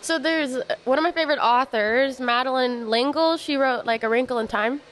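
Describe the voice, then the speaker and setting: A woman songwriter who sings with her guitar and then talks casually, thoughtful and quick to laugh. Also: high voice, fairly bright tone. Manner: thoughtful, laughs easily, meandering explanations. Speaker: songwriter guest.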